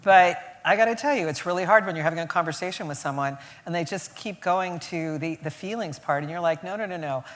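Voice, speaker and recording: A woman's voice: on the low side, fast, hardly any pauses, long reverb tail. A woman interviewing a guest on stage, chatty and loose, often trailing off mid-thought. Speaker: interviewer, event host. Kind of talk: live on-stage conversation. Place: stage in an event hall.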